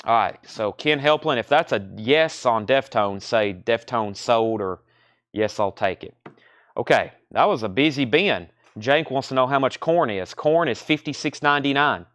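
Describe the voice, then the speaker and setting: A man runs a live record sale, rattling off titles and prices while answering comments. His voice is smooth and resonant at a middle pitch. The sound is dry and close, with no room around it. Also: animated, fairly bright tone, no echo. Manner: fast, running price calls and reading comments. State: out of breath. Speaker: record store host selling live. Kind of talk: live sales stream chat.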